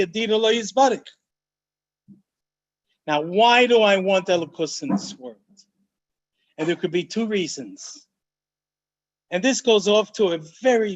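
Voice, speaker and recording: High-voiced rabbi teaching emphatically. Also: male voice, lo-fi sound. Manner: animated, emphatic teaching, often slowing to stress key phrases; frequent Hebrew and Yiddish terms. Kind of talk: Torah study lecture.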